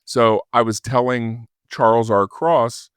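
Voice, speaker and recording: A man's voice: mid-range voice, slow pace, smooth, no echo, studio quality. An older man, a podcast guest, casually telling an anecdote and acting out the voices of the people in it. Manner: lively storyteller who acts out quoted voices. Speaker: podcast guest, former record store manager.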